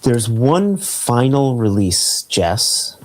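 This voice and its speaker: A man's voice: mid-range voice, big pitch swings, extremely slow, darkish tone, poor audio. A man hosting a podcast, chatting casually and enthusing over flavors as he tastes a whisky on a video call. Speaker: podcast host. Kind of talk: casual chat, tasting whisky on air.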